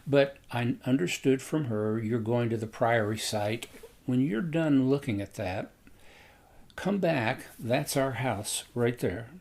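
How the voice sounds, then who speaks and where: A man quoting a loud, eager village husband. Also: medium pitch, lively intonation, slow pace, gravelly, heavily acted. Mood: friendly. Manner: loud, emphatic.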